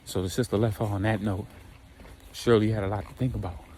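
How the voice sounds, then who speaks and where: Man storyteller, slangy casual retelling, mellow dark tone, faint ambience. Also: lowish voice, steady tone, brisk, a little hiss or hum, rough recording. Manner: slangy, conversational, retells with quoted voices.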